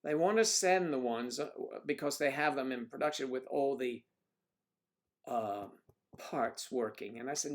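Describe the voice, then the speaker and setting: A middle-aged man hosts a relaxed livestream from home, joking around and talking back to his viewers' comments. His voice sits at an ordinary middle pitch, and he keeps a loose, chatty manner. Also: a little slow. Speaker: livestream host. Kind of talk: casual livestream chat.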